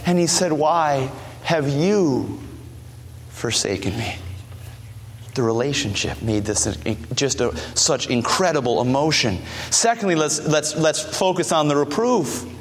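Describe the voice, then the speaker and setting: A man preaching a sermon, swinging between loud, high pleas and low, hushed tones. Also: animated, normal speed, few pauses, slight background noise. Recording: long reverb of a large hall.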